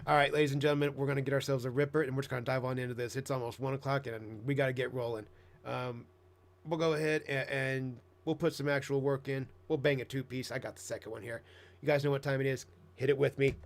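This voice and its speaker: Profane laid-back man streamer. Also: fairly quick. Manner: profane, rambling, bursts into excited squeaky voices mimicking himself. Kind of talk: casual live-stream chat. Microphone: headset.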